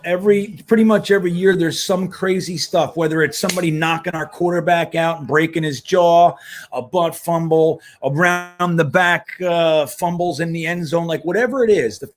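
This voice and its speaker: A man's voice: fairly high pitch, brisk, few pauses. A man hosting a casual live stream, chatting loosely and reacting to plays as he talks with viewers. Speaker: livestream host. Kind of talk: casual live watch-along chat. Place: home in Miami.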